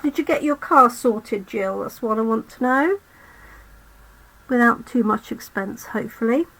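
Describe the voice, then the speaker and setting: A woman's voice: on the high side, a little slow, a bit bright, rough recording. A woman hosting a live card-making demo, losing her voice, chatting to viewers as she works. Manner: chatty, talks to viewers while working. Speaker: crafting channel host.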